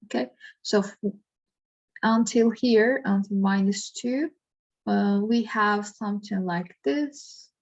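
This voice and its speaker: Woman math teacher, unhurried and halting, thinking aloud, on a dull lo-fi recording. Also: mid-range voice, vocal fry. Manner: hesitant, thinking aloud with fillers. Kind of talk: slow worked-example lesson.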